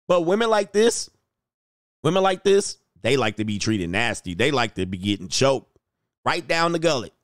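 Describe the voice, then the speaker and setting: A young man riffs in casual reaction commentary, loud and animated, with a mid-pitched voice. His talk is crude and full of laughter. The sound is dry and close. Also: moderate pace, no room sound.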